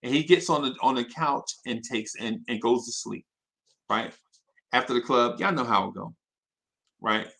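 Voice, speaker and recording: A man's voice: medium pitch, moderate pace, creaky, pauses often. A man hosting a live show, telling an anecdote with energy and checking in with his audience as he goes. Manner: energetic, restarts a lot, checks in with "right?". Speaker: host.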